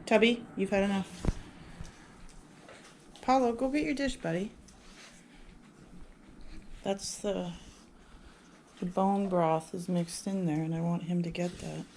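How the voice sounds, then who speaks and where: A woman's voice: flat delivery, slow, pauses often, warm tone. Woman chatting to her dogs at dinnertime, coaxy pet voice, lots of background noise. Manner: coaxing pet talk, rising high when calling the dogs. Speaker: dog owner vlogger. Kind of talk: casual home vlog, talking to her dogs. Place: home kitchen with dogs around. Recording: noisy home audio with background ambience.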